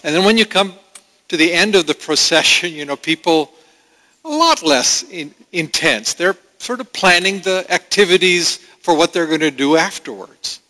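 A man's voice: a little high, moderate pace, pushed and bright. Man preaching in a reverberant hall. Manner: earnest preaching with conversational asides. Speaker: pastor. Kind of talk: sermon. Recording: long reverb of a large hall.

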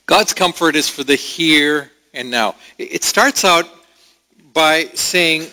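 Slow, bright-voiced male preacher. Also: fairly high pitch. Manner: slow, reflective preaching with pauses. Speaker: pastor. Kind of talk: sermon.

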